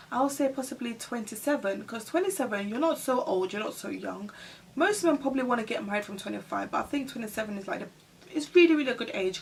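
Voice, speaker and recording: Chatty woman vlogger, husky and distant. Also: mid-range voice. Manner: chatty, laughs often, addresses viewers as guys. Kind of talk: casual Q&A tag video.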